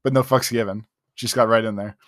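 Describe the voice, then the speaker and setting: A man co-hosting a podcast, retelling scenes in a lively, casual way and swearing freely. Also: fairly low pitch, fast, no echo, clean studio sound. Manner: animated storyteller, casual with swearing. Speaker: podcast co-host. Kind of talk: casual chat.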